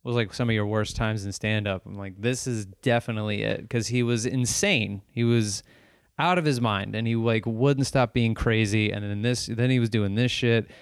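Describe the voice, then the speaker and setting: A stand-up comedian spins a wild tale in relaxed conversation, his voice low and smooth. The sound is close and dry, like a studio podcast. He gets loud and animated, swears freely and plays out the lines people said. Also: normal speed, no room sound. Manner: animated, profane, restarts and acts out quotes. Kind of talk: casual storytelling chat.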